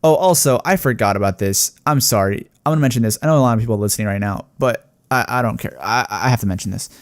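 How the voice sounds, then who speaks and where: A man's voice: on the low side, fast, no echo, clean studio sound. A young man giving a casual, heated review of a wrestling show, rambling and swearing with lots of fillers.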